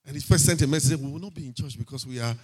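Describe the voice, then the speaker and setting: A man with a Nigerian accent giving a sermon testimony in church, lively and sprinkled with hallelujahs and pidgin asides. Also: mid-range voice, racing. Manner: lively, punctuated by frequent hallelujahs and amens. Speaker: preacher sharing a testimony.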